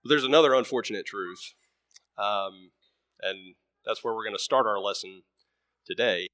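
A man's voice: lowish voice, normal speed, a bit bright, no room sound, studio quality. A man preaching a sermon in a conversational way, full of ums and uhs, who tells a story and lightly acts out its voices.

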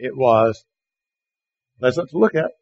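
A man teaching a Bible class, reading verses slowly and with emphasis and putting questions to his listeners. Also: medium pitch, animated, muffled recording. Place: classroom or church hall with slides.

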